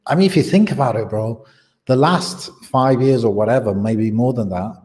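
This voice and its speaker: A man's voice: mid-range voice, normal speed, a little mellow. A man co-hosting a podcast, talking in a laid-back, casual way. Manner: laid-back, listens with short "mm" and "yeah". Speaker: podcast co-host. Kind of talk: casual chat.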